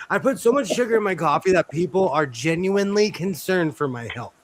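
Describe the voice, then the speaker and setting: A man's voice: sits high, lively intonation, moderate pace, a little hiss or hum. A man chatting casually as a guest, jokey and self-mocking, often laughing.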